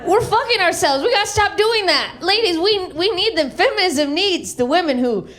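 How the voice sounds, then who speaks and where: A woman's voice: very high voice, moderate pace. A woman from the American South doing a brash, profane stand-up set into a handheld mic on stage. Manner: brash, profane, animated storytelling. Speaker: stand-up comedian. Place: theater stage.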